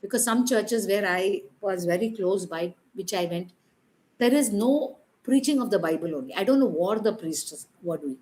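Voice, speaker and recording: A woman's voice: mid-range voice, expressive, moderate pace, dark tone, poor audio. A woman, giving an informal sermon in a conversational, emphatic way with many rhetorical questions. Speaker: preacher.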